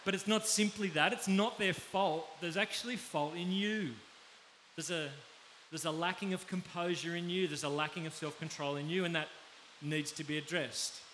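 A man with an Australian accent preaching a conversational sermon, often pausing to check in with his listeners. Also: a little high, steady tone, fairly bright tone. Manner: conversational, pauses to ask the audience. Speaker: pastor. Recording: faint background hiss.

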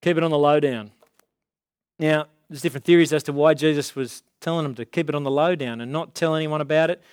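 A man preaching a casual sermon in a conversational way, slowing down to stress key words. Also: on the high side, fairly even intonation, smooth, no echo, clean studio sound.

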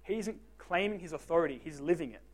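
Young man, high voice, youth group speaker, jokey, self-deprecating, talks straight to teens. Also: animated, fast talker. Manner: joking, self-deprecating storyteller. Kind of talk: casual youth group talk.

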